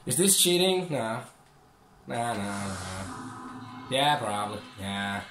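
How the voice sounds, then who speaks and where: A man's voice: mid-range voice, expressive, slow, roomy sound, music in the background. A young man giving casual gameplay commentary, joking, swearing and taunting the enemies on screen. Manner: profane, joking, talks to the game's enemies. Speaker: gaming channel host.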